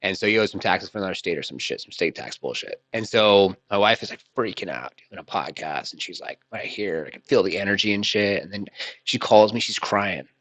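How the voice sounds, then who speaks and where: A man's voice: on the low side, lively intonation, a little fast, fairly bright tone, dry recording. A man hosting a podcast, telling a long, loose story in casual chat with lots of swearing and slang. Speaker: podcast host.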